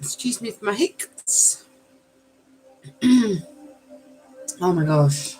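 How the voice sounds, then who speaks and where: A woman's voice: mid-range voice, lively intonation, extremely slow, a little mellow, soft background music, rough recording. A woman hosting a live tarot reading, exclaiming, swearing and apologizing, and calling her viewers darlings. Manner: affectionate, calls listeners darlings. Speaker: tarot reader.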